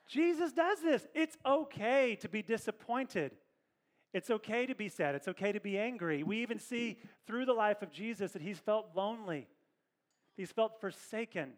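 In a church, a male pastor with a high voice preaches in an animated, conversational manner. He breaks off now and then for asides to the congregation.

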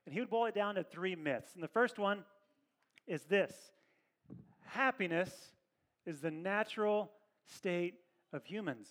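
A pastor preaching a sermon in a conversational, animated way, with asides to the congregation in a church. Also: male voice, sits high, a little slow, pauses often.

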